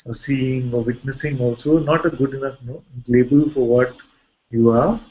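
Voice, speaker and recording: A man with an Indian accent, a spiritual teacher giving a satsang talk in a calm, searching way. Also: mid-range voice, moderate pace, highs cut off. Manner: calm, searching explanations with soft laughs.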